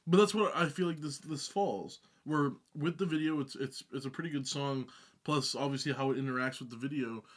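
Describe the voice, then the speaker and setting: A man co-hosting a music reaction video, talking hesitantly, with halting restarts and fillers. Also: medium pitch. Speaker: reaction channel co-host. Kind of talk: casual reaction chat.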